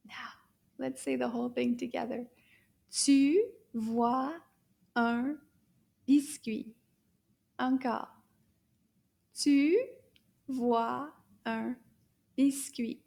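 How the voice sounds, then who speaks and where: A woman teaching a French lesson for children, speaking slowly and encouragingly, repeating words for the listener to echo and sometimes dropping to a soft whisper. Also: high-pitched, gravelly. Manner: drops to soft whispers at times. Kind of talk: kids' language lesson.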